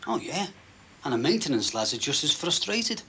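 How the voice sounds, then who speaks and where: A curt, harried shop steward. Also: male voice, on the high side, very animated, normal speed, pushed and bright, heavily acted. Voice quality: curt, defensive. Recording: TV drama with clear background noise.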